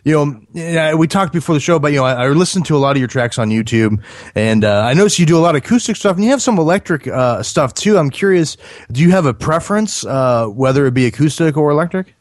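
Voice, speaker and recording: A man hosting a music interview show, easygoing and halting, with many fillers. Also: on the high side, expressive, no echo, studio quality. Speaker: radio show host.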